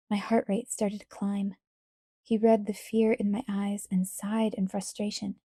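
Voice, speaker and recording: A woman reading a novel aloud in quiet, even first-person narration. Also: mid-range voice, measured pace, no room sound, clean studio sound. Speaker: audiobook reader.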